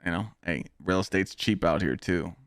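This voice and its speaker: Deep and steady at a normal speed, this young man's voice comes through clean studio sound with no room echo. He's chatting on his streamed podcast via a streaming mic, rambling through a cocky, foul-mouthed motivational speech.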